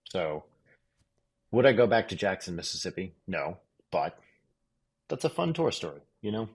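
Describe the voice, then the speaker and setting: A man's voice: sits low, sing-song, normal speed, breathy edge. A man co-hosting a podcast, telling a road story in a dry, wry, casually profane way. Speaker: podcast co-host.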